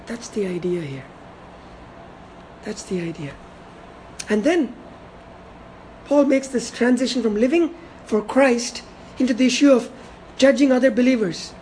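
Emphatic woman preaching, mellow voice. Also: a little high, animated, slight background noise, poor audio. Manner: emphatic, repeats key words, slows down to stress points. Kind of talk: expository sermon.

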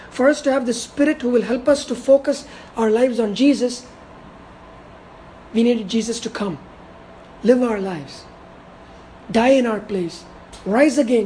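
Lady preaching, kinda high pitched but mellow, hammers words over and over, slows way down to land a point. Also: slight background noise, low-quality recording. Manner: emphatic, repeats key words, slows down to stress points. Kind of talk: expository sermon.

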